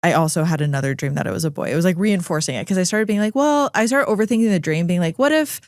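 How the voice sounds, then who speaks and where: A woman podcast host tells a personal story with lively, animated delivery. She acts out the voices of the people she quotes. Her voice is recorded dry and close to the mic. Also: lowish voice, fast talker, dry recording. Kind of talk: casual chat.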